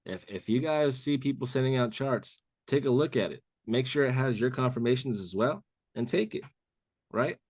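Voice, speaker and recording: A man's voice: medium pitch, lively intonation, moderate pace, a little mellow, dry recording, clean studio sound. A man on a live call walking listeners through a trading chart, talking loosely and calling them "bro". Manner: casual, says "bro" a lot. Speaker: trading mentor.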